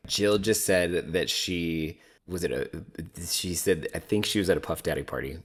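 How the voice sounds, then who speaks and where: A man's voice: deep voice, normal speed. A man giving casual, opinionated commentary while recapping a reality TV episode. He thinks aloud, fills his talk with "like" and laughs easily between remarks.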